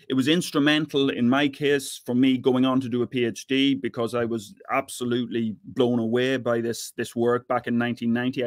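A man's voice: medium pitch, dry recording. Middle-aged Irish man, professor lecturing over a video call, conversational with frequent restarts, dry close sound. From Ireland, near the Northern Ireland border. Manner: chatty, repeats words while thinking. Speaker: physics professor giving an invited talk. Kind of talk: online lecture.

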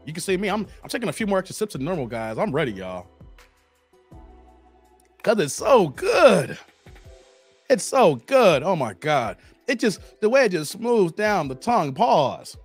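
A man's voice: high-pitched, very animated, normal speed, husky, faint music behind. A man from the Chicago area hosting a casual livestream, reading viewer comments and teasing them with lots of laughter. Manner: laughing, teasing banter with chat. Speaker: livestream host.

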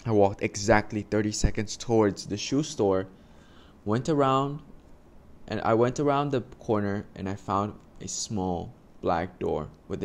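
A man reading a children's storybook aloud slowly and carefully, with small stumbles, then giving his listeners instructions. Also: fairly low pitch, a little mellow. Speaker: reader for a class.

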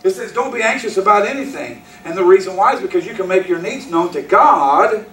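Preaching man, high voice, echoey sanctuary. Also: lively intonation, fairly quick, fairly bright tone, slight background noise. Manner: emphatic repetition, direct questions to congregation. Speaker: pastor. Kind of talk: sermon. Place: church sanctuary. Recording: echoey hall, mic from a distance.

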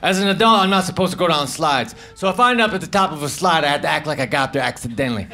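A man performing live stand-up comedy, delivering deadpan one-liners with mumbled self-deprecating asides. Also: a little high, very fast. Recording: noisy live club recording with audience laughter.

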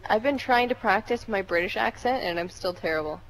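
A woman's voice: medium pitch, fairly quick, a little hiss or hum, poor audio. A young woman playing a video game with her husband, answering in short, laid-back replies. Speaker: gamer. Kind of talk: casual gameplay chat.

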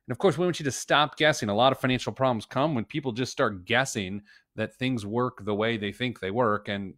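A man's voice: medium pitch, a bit bright, no room sound, studio quality. A middle-aged man hosting a finance live stream in a casual, upbeat, joking way.

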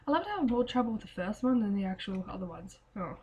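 A woman playing a game and chatting as she goes, her voice going hoarse, swearing and singing to herself. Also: mid-range voice, animated, fast talker, few pauses, a little mellow, muffled recording, slight background noise. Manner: chatty, swears often, sings and mutters to herself. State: losing her voice. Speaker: gamer. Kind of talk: casual let's play commentary.

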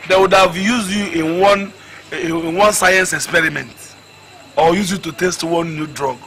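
A man's voice: a little high, fairly even intonation, measured pace, fairly bright tone, slight background noise. An actor with a Nigerian English accent playing a lazy, grumbling father who scolds and mocks his son, stumbling over his words. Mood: mocking scolding. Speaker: film actor. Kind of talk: comic film acting.

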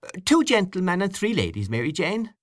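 A fretful old aunt fussing over her guests, as a male narrator puts her on. The voice sits high and sounds anxious, recorded dry and close. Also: wildly swooping pitch, fairly quick, no echo. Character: fussy elderly aunt, anxious hostess.

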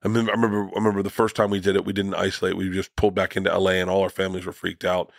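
Middle-aged male comedian guest, low voice, dry close sound, profane rambling storyteller. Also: monotone, very fast, vocal fry, no echo. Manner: profane, rambling anecdotes with restarts. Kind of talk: casual storytelling conversation.

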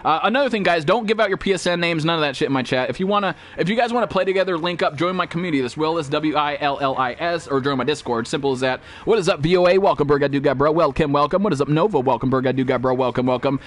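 A man's voice: on the high side, very fast, few pauses. A young man streaming a game live, greeting viewers and joking in loose, profane, rambling talk. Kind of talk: live gameplay stream chat.

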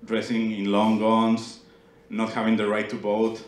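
A young Mexican stand-up comedian, a native Spanish speaker with a Mexican Spanish accent, plays a small club stage and playfully teases the audience. His voice is lowish and completely flat, at a measured pace. The roomy club recording carries heavy background noise and audience laughter.

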